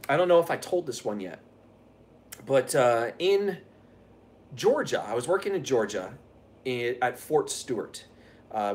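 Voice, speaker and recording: A man's voice: lowish voice, a little hiss or hum. A man hosting a live stream, chatting casually and telling stories in a rambling, profane way, laughing often. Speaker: live streamer answering chat.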